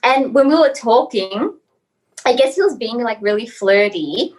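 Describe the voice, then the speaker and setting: A woman from Australia, a guest on a casual podcast interview, telling stories in an animated, giggly way with many fillers. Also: a little high, measured pace, low-quality recording.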